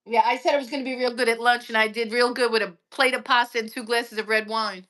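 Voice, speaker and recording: A woman's voice: on the high side, steady tone, fast talker, fairly bright tone. A woman with a New York accent, chatting casually and at length on a livestream. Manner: rambling, talkative. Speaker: livestream guest. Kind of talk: casual live chat.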